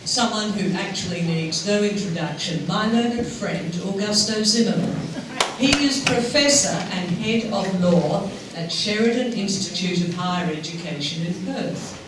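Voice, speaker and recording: A man hosting an event, giving a formal, measured introduction of the next speaker. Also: sits high. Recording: echoey hall, distant mic, noise.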